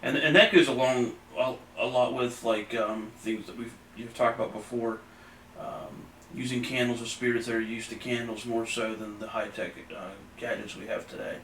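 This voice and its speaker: A man in his own old house, calmly sharing opinions during a live paranormal investigation, with fillers. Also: medium pitch, moderate pace. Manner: easygoing, thoughtful, fillers. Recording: roomy, distant, faint background noise.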